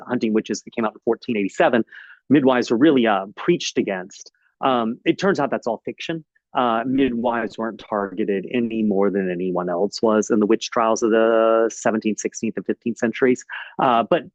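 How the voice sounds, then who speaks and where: A man speaks casually to an audience, a lively storyteller who keeps dropping little ums and uhs. His voice sits at an ordinary middle pitch. The recording is a bit muffled and dry. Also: dry recording. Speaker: author giving a library talk. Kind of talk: casual presentation. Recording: slightly dull, dry recording.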